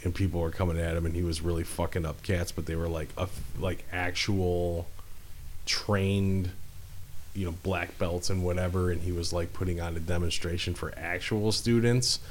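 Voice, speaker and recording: A man's voice: deep voice, level tone, moderate pace, a little hiss or hum. A man talking in casual, profane, rambling chat, swearing freely as he tells stories. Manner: profane, rambling, laid-back storytelling.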